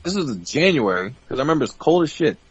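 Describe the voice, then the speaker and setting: Animated storyteller man, dull dry audio. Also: quick pace, husky, no echo. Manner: profane, animated, bursts into high-pitched mimicry. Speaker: interview guest, pro wrestler. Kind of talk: casual storytelling.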